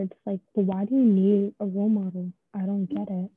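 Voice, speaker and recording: A woman's voice: medium pitch, fairly quick, hardly any pauses, husky. A young woman in her late teens, chatting casually as an interviewee, rambling with lots of fillers and joking at her own expense. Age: young adult. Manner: rambling, filler-heavy, self-deprecating. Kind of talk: casual chat. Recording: dry tinny phone-like line.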